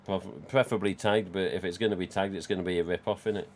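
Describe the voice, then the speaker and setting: A man's voice: low-pitched, steady tone, fast talker, a little hiss or hum. A man, casually chatting and rambling on a live stream from home. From England. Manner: rambling, chatty, reads out chat.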